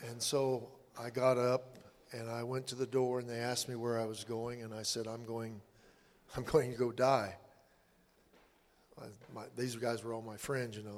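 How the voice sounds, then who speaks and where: Older guy telling his testimony, halting and earnest, mid-pitched voice, big echoey hall. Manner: halting, earnest storytelling with restarts. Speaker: man giving his testimony. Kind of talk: spoken personal testimony. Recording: long hall reverb.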